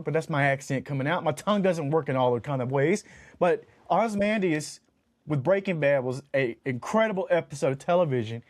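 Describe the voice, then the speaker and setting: A man's voice: on the high side, no room sound, studio quality. A man co-hosting a podcast, ranting in mock exasperation and counting off his points in a casual chat. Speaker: podcast co-host.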